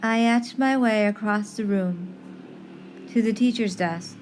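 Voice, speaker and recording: A woman telling a story in an expressive podcast narration, reading dramatically with pauses. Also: medium pitch. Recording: faint background noise.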